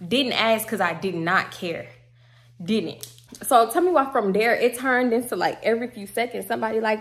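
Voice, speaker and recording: A young woman telling a personal story in a slangy, animated way, acting out what people said. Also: on the high side, normal speed. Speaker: storytime vlogger. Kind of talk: casual storytelling.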